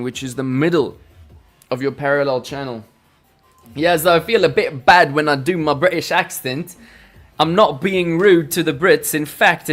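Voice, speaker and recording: A man hosting a casual live stream, teaching chart reading in a playful, jokey, chatty way with lots of fillers. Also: on the high side. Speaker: crypto trading livestream host. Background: faint background music.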